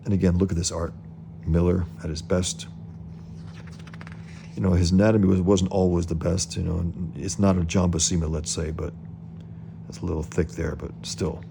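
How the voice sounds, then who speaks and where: A man's voice: deep voice, little pitch movement, normal speed, vocal fry, long pauses, background noise. A man who is a comic artist, casually talking through comic pages, hesitant, with many fillers and restarts.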